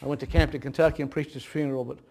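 A man preaching a sermon, telling a folksy story with laughter that turns hushed and grave, with audible gasps between phrases. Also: medium pitch, fairly even intonation, very fast, gravelly. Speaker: pastor.

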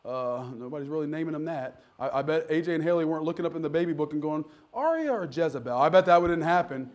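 A man's voice: on the high side, expressive, quick pace, darkish tone. A middle-aged man preaching a sermon as pastor, folksy and joking, building to emphatic preaching. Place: church.

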